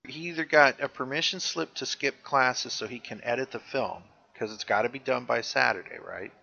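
Man, bright forceful voice, casual joking recap, dull lo-fi recording. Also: medium pitch, normal speed, gravelly, husky. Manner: chatty, joking, narrates scenes. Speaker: podcast co-host. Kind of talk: casual chat recapping a show.

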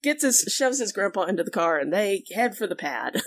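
A woman's voice: medium pitch, big pitch swings, a little fast, no room sound. A woman co-hosting a podcast, chatting casually about a TV episode with fillers and frequent laughs. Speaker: podcast co-host. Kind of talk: casual chat recapping a TV episode.

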